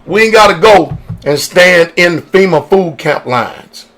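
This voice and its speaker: Preaching on the radio in a high, fairly bright voice, a pastor speaks unhurriedly with lively intonation. He is emphatic, posing rhetorical questions and getting his listeners to respond.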